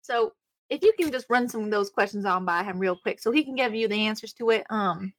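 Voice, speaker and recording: A woman's voice: medium pitch, a little fast, fairly bright tone, dry recording, natural voice. A woman voicing a sweet, flirtatious woman adventurer who coaxes people and calls them honey, in a tabletop game. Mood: sweet coaxing. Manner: sugary, coaxing, calls others honey.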